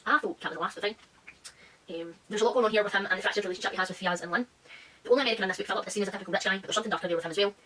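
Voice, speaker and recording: A woman book reviewer in a casual vlog, blunt, sarcastic and sweary, who reads quoted reviews out fast and quietly. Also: mid-range voice.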